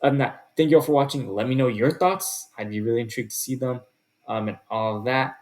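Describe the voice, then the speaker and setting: This sports video host talks fast in a mid-range, darkish voice while casually laying out his football predictions. He chats freely, with lots of fillers and restarting his sentences.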